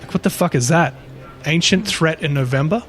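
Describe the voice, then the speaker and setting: A man with a fairly high speaking voice tells a creepy story to his co-host. He rambles, restarts and swears freely in a loose, chatty way. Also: fairly quick. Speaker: podcast co-host. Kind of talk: casual storytelling chat.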